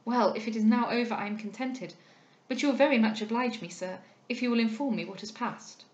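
A woman's voice: on the high side, a little fast, dull audio, natural voice. A woman voicing a refined, earnest young lady from a period novel. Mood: anxious. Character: genteel anxious young lady heroine. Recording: roomy echo.

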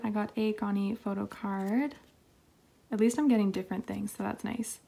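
A young woman talking casually as she unboxes albums at home, quick to get excited and full of fillers. Her voice sits at a middle pitch, and a faint background hiss runs under the recording. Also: creaky. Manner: excitable, chatty, frequent laughs and fillers. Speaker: K-pop album haul vlogger.

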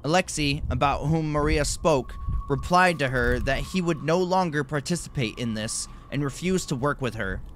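A man's voice: a little high, normal speed, fairly bright tone, a little hiss or hum. A man giving nervous, jumpy commentary while playing a horror game, with frequent exclamations. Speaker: gaming YouTuber.

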